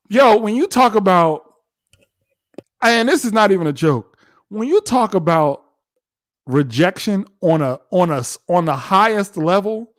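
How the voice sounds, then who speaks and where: A man's voice: high-pitched, unhurried, no echo, clean studio sound. A man co-hosting a casual reality TV recap, animatedly acting out what the people on the show said. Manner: animated, acts out both sides of scenes. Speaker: podcast co-host.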